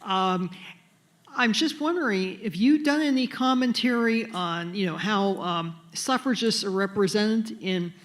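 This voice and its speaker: A woman's voice: medium pitch, measured pace. A woman in the audience asking a lecturer long, passionate questions, rambling with many fillers.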